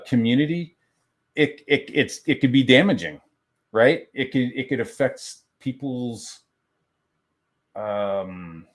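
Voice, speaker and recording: A man and crowdfunding creator ranting casually on a stream, heated and swearing constantly, often restarting his sentences. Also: medium pitch. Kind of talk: profane casual rant on a stream.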